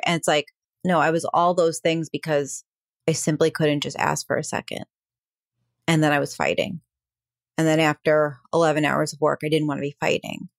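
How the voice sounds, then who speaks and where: A woman's voice: deep voice, little pitch movement, normal speed, creaky. A woman coach hosting a podcast, talking in a candid, earnest and casual way, with plenty of fillers and the odd swear word. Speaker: podcast host and emotional abuse coach.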